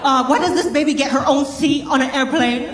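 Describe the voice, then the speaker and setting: A woman's voice: high-pitched, steady tone, a little fast, reverberant, far from the mic, pitched above the performer's own voice, lightly acted. A woman voicing an indignant, whining baby who complains, in a live comedy set. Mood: whiny. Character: whiny jealous baby on a plane. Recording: live club, loud crowd and noise.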